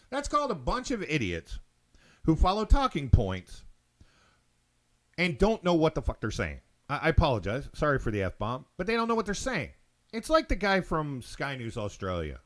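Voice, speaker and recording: A man's voice: on the high side, a bit bright. A man hosting his own show, ranting opinions in a blunt, profane monologue, stumbling and repeating words. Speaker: show host.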